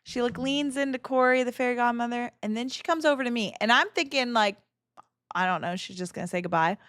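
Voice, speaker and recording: Woman streamer in her thirties, casual and excitable, a bit high, close dry mic. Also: no room sound. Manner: excitable and emotional, swearing, quick laughter. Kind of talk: casual livestream chat.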